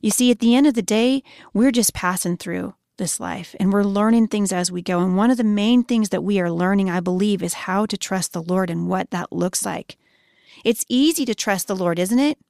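Woman in her 30s preaching a devotional, earnest, slows on scripture, bit of vocal fry. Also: mid-range voice, a little mellow, no room sound, studio quality. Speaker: Christian speaker. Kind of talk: devotional sermon.

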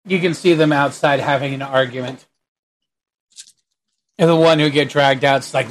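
A man's voice: medium pitch, steady tone, normal speed, pauses often, rough recording. A man narrating a tabletop game as game master, hesitant and full of fillers.

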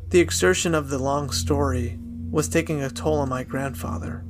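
A man narrating a dark family story in a measured, somber storytelling manner. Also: medium pitch, fairly even intonation, music in the background. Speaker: narrator, podcast host.

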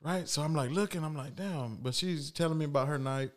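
A man's voice: a little high, fast talker. A man hosting a casual podcast, telling a long prank story with slang, swearing and frequent laughs. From Houston, Texas. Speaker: podcast host.

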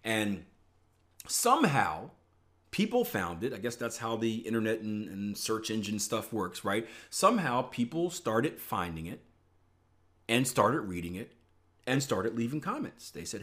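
A man's voice: lowish voice, a little slow. A middle-aged man who coaches traders, talking casually and motivationally, often asking "right?" and restarting his words. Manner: conversational, repeats "right?" often, animated rises. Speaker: trading coach.

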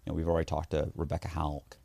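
A man's voice: very deep voice, fast talker, vocal fry, no room sound. A man telling a story in a casual interview, acting out the voices of the people he quotes. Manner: animated, acts out quoted voices. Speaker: interview guest.

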